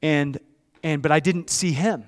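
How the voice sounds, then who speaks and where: A man in his thirties preaching a sermon, with a storytelling delivery that swings from hushed to loud. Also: a little high, measured pace. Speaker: pastor.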